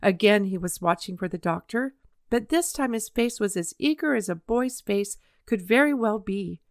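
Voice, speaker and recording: A woman narrating a children's story in an even, measured reading voice. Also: medium pitch, no echo, studio quality. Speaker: audiobook reader.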